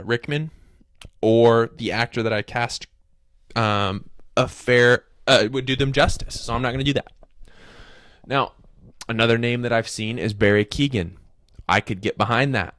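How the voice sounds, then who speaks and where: A man's voice: on the low side, fairly bright tone, no room sound, clean studio sound. A man hosting a casual commentary video, rambling, correcting himself mid-sentence and tossing in joking asides. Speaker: video host.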